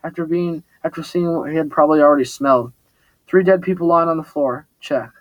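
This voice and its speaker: A man's voice: a little high, steady tone, a little fast, no echo, highs cut off. A man reading a first-person story aloud, plainly, with small slips and restarts. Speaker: audiobook narrator.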